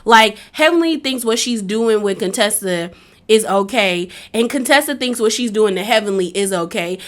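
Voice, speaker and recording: A woman's voice: mid-range voice, expressive, normal speed. A woman giving a casual, opinionated recap of a reality show. She talks chattily, with a lot of "like", and acts out the quotes.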